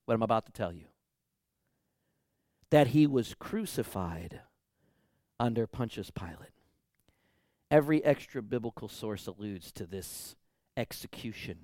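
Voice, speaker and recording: A man preaching a sermon as pastor, emphatic, swinging between loud declarations and hushed, quiet lines. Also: medium pitch, dry recording, clean studio sound.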